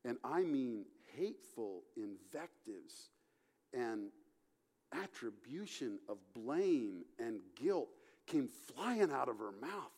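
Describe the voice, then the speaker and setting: A man's voice: medium pitch, very animated, a little slow. Middle-aged male pastor, sermon storytelling, dynamic swings in volume. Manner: storytelling with acted-out dialogue, swings from loud to hushed.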